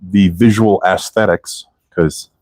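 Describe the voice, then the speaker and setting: A man with a low, deep voice chatting casually on a live stream as he works in his garage. His talk is loose and full of swearing. The sound is dry and close, with little room echo. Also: steady tone, slow pace, darkish tone. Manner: loose, profanity-heavy shop talk. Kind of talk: casual live-stream chat while working. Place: car restoration garage.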